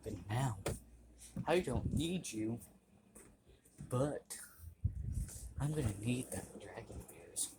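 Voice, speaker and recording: A man's voice: medium pitch, animated, slow pace, pauses often, background noise. A young man reading a cruel scheming young woman. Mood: scornful. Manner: sneering, contemptuous.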